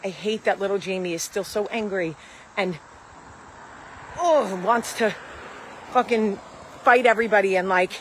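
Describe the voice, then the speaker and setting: A woman's voice: mid-range voice, a little slow, pauses often, a little hiss or hum, low-quality recording. Candid woman in her forties telling a story. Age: 40s. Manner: candid, animated storytelling, acts out quoted dialogue. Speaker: host. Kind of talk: casual talk to camera.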